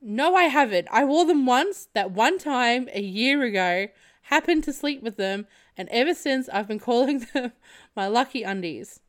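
A woman voicing her drunk young female friend, who answers in a flat, matter-of-fact way. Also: a little high, normal speed, lightly acted. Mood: blunt.

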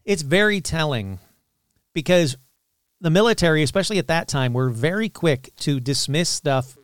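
Lively, clear-voiced male podcast host. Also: a little high, moderate pace, no echo, studio quality. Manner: animated, irreverent asides, frequent fillers. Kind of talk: casual storytelling podcast.

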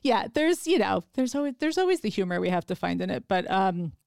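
A woman's voice: mid-range voice, very animated, a little fast, creaky, a little mellow, dry recording, clean studio sound. A woman hosting a podcast in casual chat, telling stories with animation and acting out her own quotes. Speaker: podcast host.

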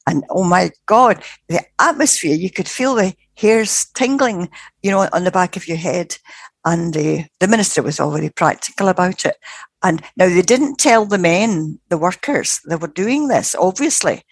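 A woman's voice: fairly low pitch, moderate pace, breathy edge, no room sound. A woman, older, earnestly retelling a spirit experience in casual talk, acting out what others said. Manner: earnest, animated retelling with acted quotes. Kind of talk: casual spoken storytelling.

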